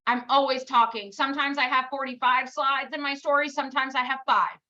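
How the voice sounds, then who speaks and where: A woman's voice: high-pitched, flat delivery, a little fast, bright, forceful tone, muffled recording. A woman giving a casual motivational talk on a live stream, blunt and scolding, firing off rhetorical questions and swearing casually. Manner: swears casually, self-mocking. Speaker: team leader giving a live pep talk.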